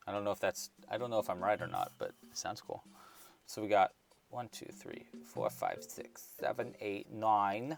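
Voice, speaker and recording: A man's voice: on the low side, sing-song, normal speed, gravelly, faint music behind. A man hosting a casual crochet livestream, chatting loosely with many fillers and restarts and counting stitches aloud under his breath.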